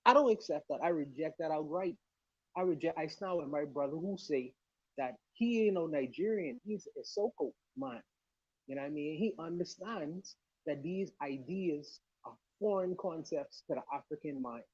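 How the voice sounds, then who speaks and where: A man's voice: on the high side, lively intonation, moderate pace, warm tone, husky, no room sound. Impassioned man on a muffled remote mic. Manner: impassioned, emphatic, laughs often. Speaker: podcast panelist. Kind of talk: casual livestream discussion.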